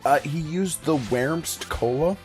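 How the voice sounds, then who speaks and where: Deadpan joking male streamer. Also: a little high, slow pace, faint music behind. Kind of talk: casual banter while gaming.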